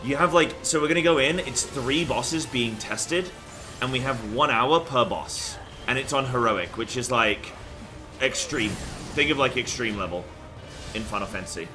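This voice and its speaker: A man's voice: medium pitch, lively intonation, normal speed, over music. A young man chatting loosely on a game stream, rambling with fillers and the odd swear word. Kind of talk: casual live-stream chat.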